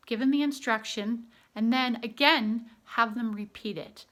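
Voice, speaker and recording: A woman in her thirties talks through parenting advice in a bright, forceful voice pitched a little high. She is earnest and chatty and often pauses on an um. It sounds like a casual advice video. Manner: earnest, chatty with frequent fillers. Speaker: homeschooling mother.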